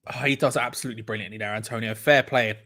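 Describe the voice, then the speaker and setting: Streaming a football match live for viewers, this young host talks fast in a mid-range voice. Excitable and quick to laugh, he repeats himself while reacting.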